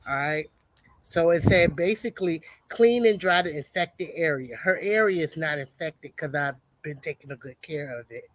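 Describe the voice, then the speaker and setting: A woman chatting casually on a homestead livestream, greeting viewers and reading a product label aloud haltingly. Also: deep voice, no echo.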